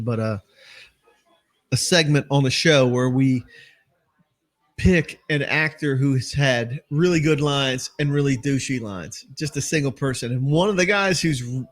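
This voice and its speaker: A man hosting a casual podcast chat, telling movie-line stories with lots of swearing and laughter. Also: mid-range voice. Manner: swearing, laughing storyteller who acts out movie lines. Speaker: podcast host.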